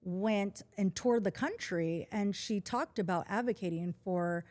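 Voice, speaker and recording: A woman in her forties speaks in a middle-range voice as a podcast guest. She tells a personal story in casual conversation, calm and earnest, and keeps an even tone. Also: mid-range voice, unhurried. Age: 40s.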